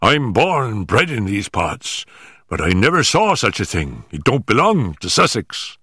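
A man voicing a gruff, plain-spoken local police inspector in an audiobook, slow and low. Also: very animated, bright, forceful tone, dry recording, studio quality, full character voice. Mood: astonished.

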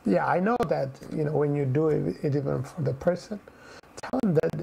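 Male preacher, fairly high voice with gravelly fry, earnest and repetitive, sermon delivery. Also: moderate pace, mellow, slight background noise, low-quality recording. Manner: earnest, repeats phrases, frequent "you know" fillers.

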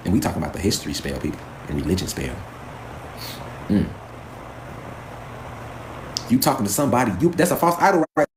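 A man's voice: on the low side, wildly swooping pitch, fairly quick, pauses often, background noise. A man giving a profane, preachy live stream lecture, firing off rhetorical questions. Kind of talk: impassioned live stream rant.

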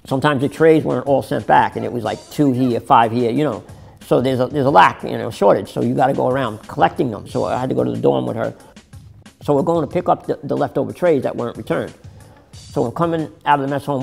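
In a candid interview, a middle-aged New York City man tells his story, rambling and swearing as he keeps correcting himself. His medium-pitched voice is creaky and a little mellow.

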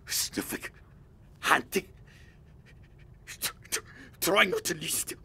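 A man's voice: a little high, expressive, slow, pushed and bright, full character voice. A man voicing a starving, half-mad male wanderer in a video game, muttering in broken, swearing bursts with a foreign accent. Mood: frantic. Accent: foreign, unfamiliar to host. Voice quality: gravelly, raspy.

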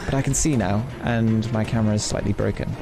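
Over game music, a let's play gamer works through a horror game, joking, yelping and talking to the characters. His voice is on the low side, fast and gravelly with fairly even intonation.

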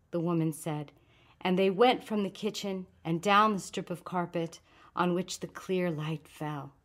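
A woman with a slightly low voice narrates a literary short story. Her reading is calm and measured, steady from sentence to sentence.

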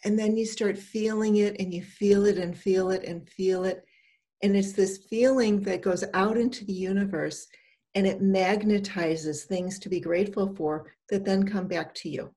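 Older lady coach chatting gently, encouraging, easygoing talk. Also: mid-range voice, steady tone, normal speed. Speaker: empowerment coach. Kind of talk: casual advice talk.

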